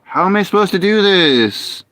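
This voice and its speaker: A man's voice: high voice, expressive, normal speed, noisy background. Frustrated man streaming a game. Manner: frustrated, muttering and complaining. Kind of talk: live gameplay commentary.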